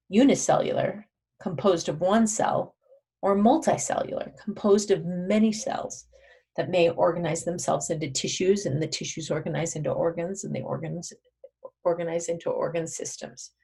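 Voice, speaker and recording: A woman's voice: on the low side, creaky, warm tone, slightly rough. A woman teaching a recorded biology lesson, explaining step by step, correcting herself as she goes and quizzing with questions she answers herself.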